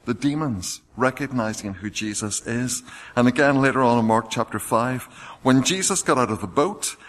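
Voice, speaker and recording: A man's voice: mid-range voice, a bit bright. Man preaching a sermon. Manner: reads scripture aloud with rising emphasis.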